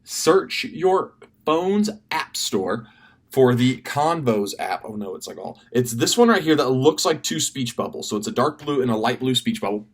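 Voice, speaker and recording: Man, camp leader, casual video briefing, fast and rambling, lots of ums and restarts, mid-range voice. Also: medium pitch, big pitch swings, slightly rough. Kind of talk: casual instructional video message. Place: indoors at a desk.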